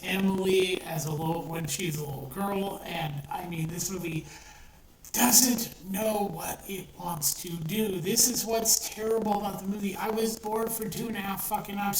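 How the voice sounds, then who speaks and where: A woman giving a blunt, profane, exasperated movie review with lots of restarts. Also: mid-range voice. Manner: blunt, swears often, exasperated ranting with restarts. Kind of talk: ranting casual film review. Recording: echoey room, voice a bit far from the mic, faint noise.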